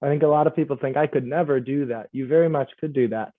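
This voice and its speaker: A man's voice: medium pitch, fast talker, dry recording. Upbeat man on a tinny line. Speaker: actor and on-air personality, podcast guest. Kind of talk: casual chat.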